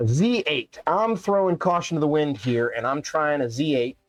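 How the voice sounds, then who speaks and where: Over faint background music, a man with a slightly high voice speaks at a moderate pace. He's live-streaming a racing game, bantering playfully with his viewers and his cats.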